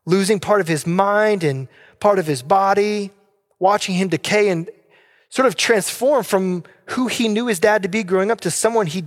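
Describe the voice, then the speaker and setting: A male pastor preaches in an earnest, pleading way and keeps asking his listeners questions. His voice sits a bit higher than most men's. A long reverb trails after his words in a large hall. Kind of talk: sermon.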